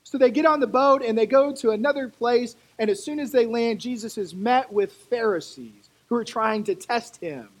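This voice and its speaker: Brief: preacher, husky tone, chatty sermon delivery with asides. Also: mid-range voice, moderate pace, hardly any pauses, poor audio. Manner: conversational, animated storytelling with asides.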